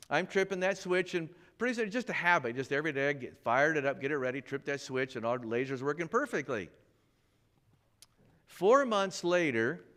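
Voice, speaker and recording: Man, pastor, sermon storytelling, animated, acts out voices, slightly high voice. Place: church.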